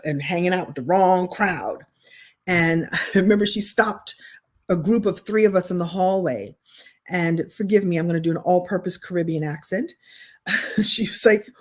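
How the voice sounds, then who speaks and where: Expressive middle-aged woman writing coach. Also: lowish voice. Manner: expressive, chatty storyteller with frequent restarts. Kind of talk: online masterclass teaching.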